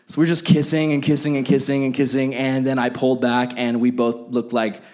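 A young adult man preaching a sermon as pastor, animated and acting out the voices he quotes. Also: mid-range voice, a little fast.

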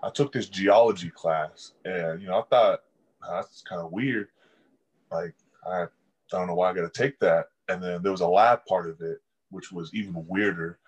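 A man's voice: low voice, moderate pace, breathy edge, poor audio. A young man, a college football player, telling casual stories in an interview and laughing often. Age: young adult. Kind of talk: casual storytelling.

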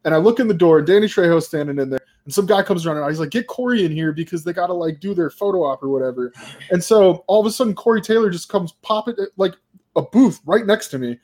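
A man's voice: high-pitched, expressive, quick pace, a little mellow. A man co-hosting a podcast, telling loose anecdotes in casual chat with plenty of swearing. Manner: loose, profane storyteller. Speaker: podcast co-host.

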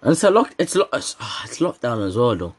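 Husky-voiced teen guy rambling on a podcast. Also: medium pitch, sing-song, brisk. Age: teens. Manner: rambling, joking, laughs often, slang-heavy. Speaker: podcast host. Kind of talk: casual solo podcast chat.

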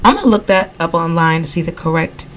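A woman podcast host reading a novel aloud at a steady pace, breaking off now and then for casual asides. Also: lowish voice, fast talker, slight background noise, low-quality recording. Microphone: computer recording software.

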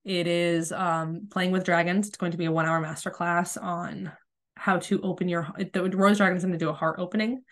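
Woman podcast host, slightly low voice, gentle and soothing, has a cold, casual solo talk. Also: flat delivery, a little fast. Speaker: podcast host, spiritual coach.

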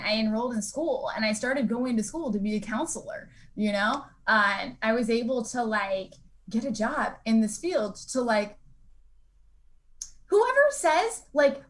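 A woman telling her own story in a frank, conversational way, full of fillers and lively acted-out quotes. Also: on the high side. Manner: acts out quoted people with lively voices. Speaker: speaker sharing a recovery story. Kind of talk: candid personal storytelling.

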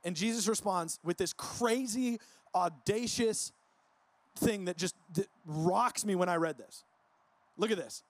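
High-voiced man preaching casually. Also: unhurried, no room sound. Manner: relaxed, peppered with filler words. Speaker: pastor. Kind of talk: casual conversational sermon. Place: church service.

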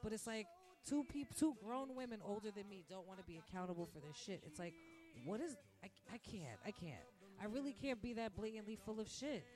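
A woman in her thirties hosting a podcast, giving a blunt, profane, animated rant from the restaurant where she works. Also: mid-range voice, brisk. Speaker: podcast host. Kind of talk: casual ranting monologue. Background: faint background music.

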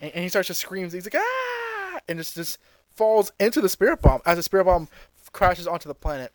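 A man co-hosting a podcast, casually retelling a fight scene with lots of fillers and quick acted-out lines. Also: high voice, dry recording. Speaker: podcast co-host. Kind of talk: casual episode recap.

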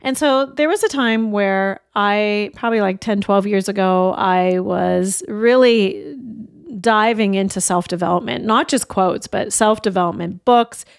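Middle-aged woman, motivational podcast host, earnest storyteller, medium pitch, dry booth sound. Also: unhurried, creaky, smooth, no echo. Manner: earnest and openhearted, shares personal stories. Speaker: life coach and podcast host. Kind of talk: reflective motivational talk.

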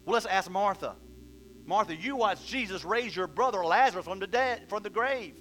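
A man's voice: sits high, normal speed, a bit bright, a little hiss or hum. A man pastor preaching a sermon, asking questions and reading scripture aloud. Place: church hall.

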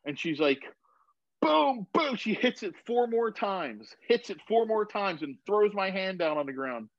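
Animated swearing storyteller, a man in his thirties. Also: sits high, unhurried, no echo. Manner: animated storyteller, swears freely, acts out quoted voices. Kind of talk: casual chat. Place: home garage. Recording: dull, slightly lo-fi sound.

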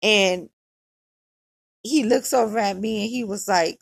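Woman, podcast storyteller, gravelly and husky, candid chatty delivery, dry close sound. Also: mid-range voice, measured pace, dry recording. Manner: candid and conversational, heavy use of "like". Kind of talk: personal storytime narration.

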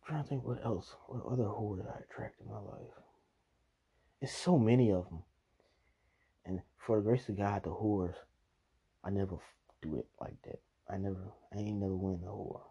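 A man's voice: lowish voice, moderate pace, warm tone, breathy edge, dull audio. A man hosting a podcast, telling casual stories full of profanity, frequent laughter and acted-out quotes. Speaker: podcast host. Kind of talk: casual storytelling.

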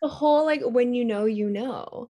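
A woman co-hosting a podcast in casual chat, reacting with excitement and laughter. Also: on the high side, moderate pace. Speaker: podcast co-host.

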